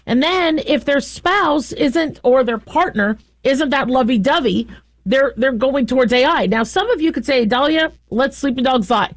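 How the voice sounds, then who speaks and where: A middle-aged woman talks through a casual commentary in a bright, high voice. She is chatty and animated, laughing often and restarting her sentences. The sound is dry and close. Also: a little slow, no echo. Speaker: host.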